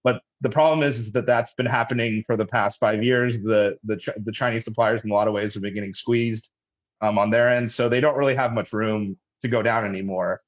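A man running a logistics company, answering radio interview questions in a halting way with many restarts. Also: lowish voice, fairly even intonation. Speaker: logistics company head, guest. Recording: dull lo-fi line.

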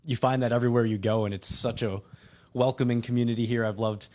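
A young man from Wisconsin works as a TV reporter and guests on a radio show. He talks quickly and in a friendly, easygoing way. His voice sits in an ordinary middle range. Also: medium pitch, fairly even intonation, darkish tone.

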